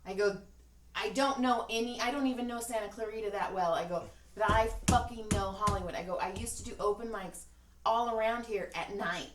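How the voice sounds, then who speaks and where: Slightly fast and medium in pitch, this woman co-hosts a podcast, telling animated stories with acted-out quotes and plenty of swearing. The distant recording sounds roomy and carries a little hiss or hum.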